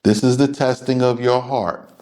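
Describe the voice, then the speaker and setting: A man's voice: mid-range voice, steady tone, moderate pace, warm tone. A man teaching a religious class in an emphatic, confrontational lecturing manner.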